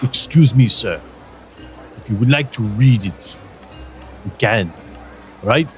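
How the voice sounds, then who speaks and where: A man's voice: mid-range voice, expressive, slow, faint music behind. A man voicing a slick, overly polite male merchant in a heavy put-on foreign accent. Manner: smooth, overly polite, evasive.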